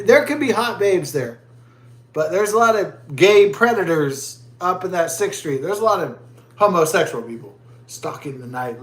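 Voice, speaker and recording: A man's voice: fairly high pitch, gravelly, echoey room. A man vlogging as he drinks a beer, telling a rambling story in crude, profane, rambling talk.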